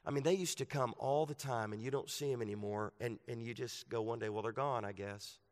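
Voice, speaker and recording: A man's voice: mid-range voice, quick pace, a little mellow. A man who is a pastor, preaching a sermon in a conversational way that turns emphatic at points. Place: church sanctuary. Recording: long reverb of a large hall.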